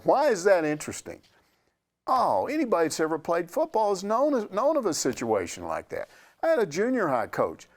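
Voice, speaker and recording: Animated older male storyteller. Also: high voice. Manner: animated storyteller, acts out quotes. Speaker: sports reporter answering questions. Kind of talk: casual storytelling chat.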